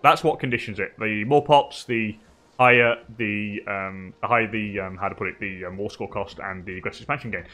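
An English man giving relaxed live commentary on a strategy game, chatting with viewers and laughing often. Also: lowish voice, a little fast. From England. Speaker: streamer.

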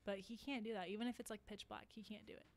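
A woman's voice: medium pitch, fairly even intonation, quick pace. A young woman, a podcast guest, telling stories in casual chat and swearing freely. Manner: chatty storyteller, swears casually.

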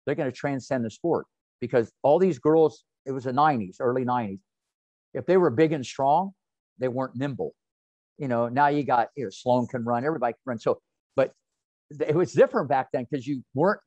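A man in his sixties, a tennis coach, telling lively, colorful anecdotes in an interview. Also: medium pitch, brisk, no echo. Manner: animated, colorful anecdotes with slang. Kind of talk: interview storytelling. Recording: dull, dry audio.

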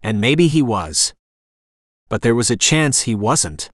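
Lively male audiobook narrator. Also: medium pitch, slow pace, no room sound, clean studio sound. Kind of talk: scripted narration.

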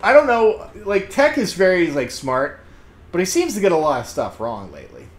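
A man giving a casual, rambling spoken review, excitable and laughing often, with many fillers. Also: high voice, normal speed, echoey room. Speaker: comedian reviewing a TV episode.

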